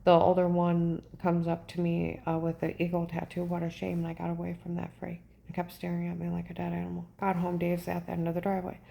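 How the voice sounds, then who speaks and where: A woman telling a personal story in a rambling, agitated way, often pausing to ask "okay?" and trailing off. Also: fairly low pitch, monotone, creaky, mellow. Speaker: vlogger recounting a personal ordeal.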